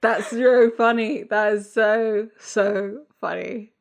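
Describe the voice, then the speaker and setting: A young woman co-hosting a podcast, chatting casually, laughing often and agreeing with quick affirmations. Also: medium pitch, steady tone, vocal fry. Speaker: podcast co-host. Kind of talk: casual chat.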